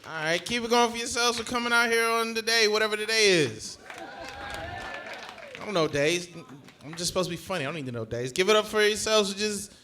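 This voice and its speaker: A man's voice: sits high, expressive, a little fast, sharp tone, a little hiss or hum. A young man from Georgia doing live stand-up in a long comedy club room. He works the crowd on a handheld stage mic with loose, profane banter. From Georgia, USA.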